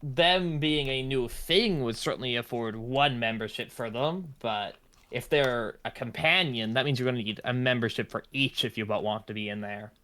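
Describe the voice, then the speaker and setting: A man's voice: medium pitch, normal speed, bright, forceful tone, lightly acted. A man voicing a goblin librarian who curtly brushes visitors off as a tabletop game master. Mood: bored. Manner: curt, bored, brushes people off. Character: aloof goblin librarian, dismissive gatekeeper.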